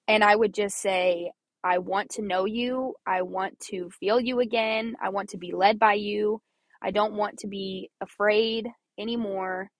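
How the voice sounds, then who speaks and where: A woman's voice: mid-range voice, measured pace, dry recording. Give me an earnest, chatty young woman from Missouri talking about faith, in a dry, close recording. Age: young adult. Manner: earnest, chatty, laughs often, repeats phrases. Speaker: podcast host. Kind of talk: personal faith talk.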